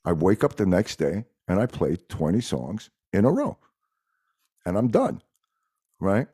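A man's voice: deep voice, a little slow, husky. Montreal-accent guy, french native, swears a lot, voice swings all over the place. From Montreal, Quebec. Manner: animated, swears freely, repeats himself. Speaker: guest musician. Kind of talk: casual chat.

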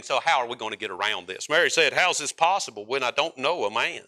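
A man preaching a sermon in a folksy, emphatic way, rising to loud peaks and dropping to quiet stretches. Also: mid-range voice, sing-song, fairly quick, hardly any pauses.

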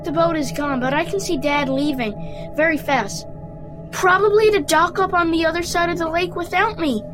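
A woman's voice: very high voice, normal speed. A woman reading a short story aloud carefully, with small stumbles. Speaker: story reader. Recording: music playing underneath.

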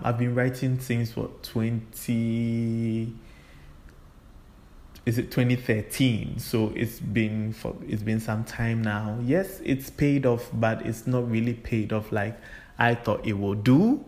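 A man hosting a solo podcast, talking in an unhurried, reflective way with frequent fillers. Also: medium pitch, darkish tone. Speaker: podcast host.

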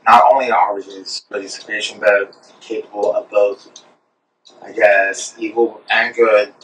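A man's voice: fairly low pitch, little pitch movement, measured pace, a bit bright. A man taking part in a church roundtable, thinking aloud casually with fillers. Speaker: roundtable participant. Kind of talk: casual discussion. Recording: echoey room, distant mic, faint noise.

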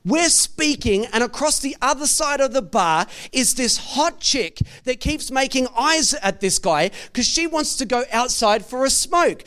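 Australian male pastor, high voice, lively storyteller who stumbles over repeated words. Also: unhurried, few pauses. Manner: animated, repeats words while telling a story. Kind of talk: storytelling sermon.

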